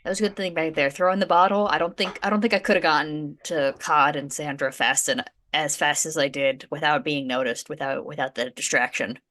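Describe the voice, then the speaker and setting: A woman's voice: low-pitched, steady tone, fairly quick, few pauses, fairly bright tone. A woman playing her character in a tabletop game, dry and weary. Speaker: player.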